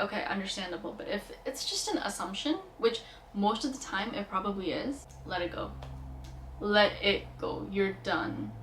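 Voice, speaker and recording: A woman's voice: mid-range voice, a bit bright, slight background noise. A young woman vlogger giving casual, earnest self-help advice, chatty and full of fillers. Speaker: lifestyle vlogger. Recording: roomy echo, mic at a distance.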